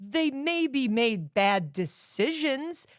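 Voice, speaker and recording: A woman co-hosting a podcast, talking through a movie in casual chat and acting out scenes in quick bursts. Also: high voice, very animated, no echo, clean studio sound. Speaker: podcast co-host.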